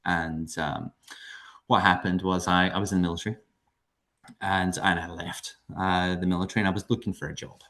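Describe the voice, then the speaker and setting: A man's voice: deep voice, flat delivery, fairly quick, fairly bright tone. A middle-aged Scottish man, a podcast guest, telling anecdotes in a chatty way and chuckling often. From Scotland. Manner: chuckles through anecdotes, frequent ums and restarts. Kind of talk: conversational storytelling.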